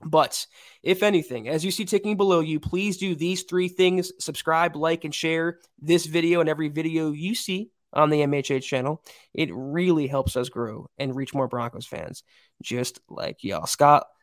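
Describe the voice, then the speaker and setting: A man's voice: on the high side, moderate pace, no room sound, clean studio sound. A man hosting a sports podcast, chatting casually and running through upbeat sign-off plugs. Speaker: podcast host.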